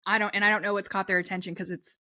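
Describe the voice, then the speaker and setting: A woman co-hosts a casual podcast from her home, and her voice has a crisp, bright edge. She is chatty and often stops partway through a thought to start again. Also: medium pitch, level tone, rapid-fire. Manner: chatty, breaks off her own sentences. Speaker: podcast co-host.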